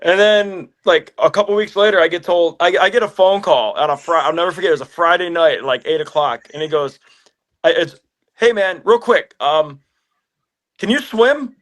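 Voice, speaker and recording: A musician in a casual interview, telling stories with lively acted-out phone calls. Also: male voice, sits high, normal speed. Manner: animated storyteller, acts out phone calls.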